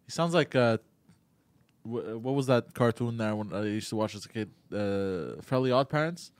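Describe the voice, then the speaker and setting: A man co-hosting a podcast in casual chat, playful and quick to laugh. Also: lowish voice, lively intonation, dry recording. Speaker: podcast co-host.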